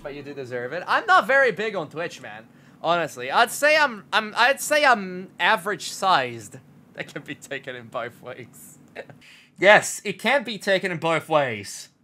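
Sex: man. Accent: Australian. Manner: bright and animated. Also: on the high side, normal speed, soft background music. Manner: animated, laughs often, swears casually. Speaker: streamer reacting to fan memes. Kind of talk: casual reaction commentary.

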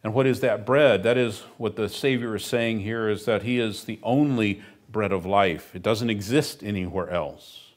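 A man's voice: on the low side, moderate pace, few pauses. A middle-aged man preaching a sermon as pastor, emphatic and earnest, with dry humorous asides.

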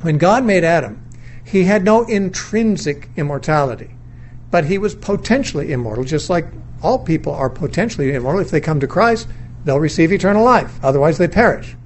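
A man's voice: a little high, animated, a little fast, a little hiss or hum. A middle-aged man teaching a Bible lesson in a sermon lecture, reasoning aloud in a thoughtful, questioning way, often restarting his sentences. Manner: questioning, weighing views, undogmatic.

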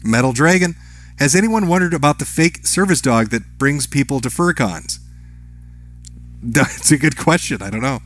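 A man's voice: medium pitch, lively intonation, moderate pace, a bit bright. A man reading out viewer messages on a live stream, answering each with brief offhand remarks. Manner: reads chat names and messages aloud, brief offhand replies.

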